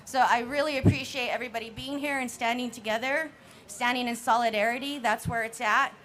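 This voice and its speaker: A woman from the Navajo Nation giving an impassioned speech at an outdoor protest rally, at times shouting. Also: a little high, steady tone, a little fast. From Navajo Nation, US Southwest. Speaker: rally speaker.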